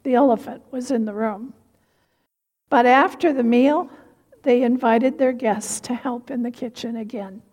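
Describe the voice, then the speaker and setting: A woman giving a sermon, telling a story slowly and reflectively. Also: on the high side, darkish tone, husky. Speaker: preacher. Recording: reverberant hall.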